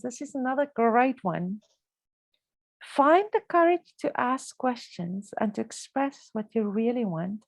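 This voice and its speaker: Woman podcast host, slightly high voice with some vocal fry, earnest and reflective, dry close sound. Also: animated, a little slow, no echo. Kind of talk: casual conversational podcast talk.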